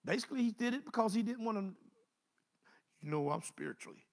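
A male preacher delivering an animated sermon, swinging between loud exclamations and low asides. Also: fast talker, vocal fry.

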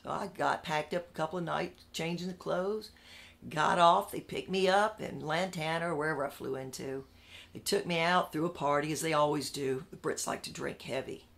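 A woman telling her story in a candid interview, animated and emphatic, repeating phrases for punch and swinging between loud outbursts and hushed asides. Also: sits low, moderate pace, creaky.

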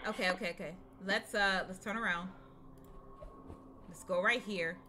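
Streaming a horror game, this young woman speaks at medium pitch and normal speed, giving casual live commentary to her viewers with frequent swearing, repetition, and laughter. Game music plays behind her voice amid heavy background noise.

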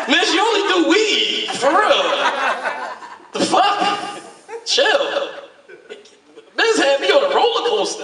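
A man performing a stand-up comedy set, animated and profane, often laughing as he talks. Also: very high voice, measured pace, pauses often. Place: room at a recovery meeting. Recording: echoey room, distant mic, crowd laughter. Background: audience laughter.

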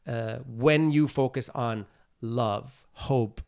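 A man's voice: medium pitch, slow pace, gravelly, clean tone. A man guest on a casual podcast interview, speaking earnestly and acting out little voices as he explains his views. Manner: earnest, animated storytelling with acted-out voices.

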